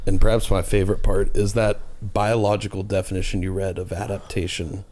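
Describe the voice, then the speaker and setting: A man co-hosting a podcast talks through his ideas earnestly, in a casual, explanatory way. His voice sits low and stays fairly level in pitch. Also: level tone, fairly quick, darkish tone. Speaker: podcast co-host.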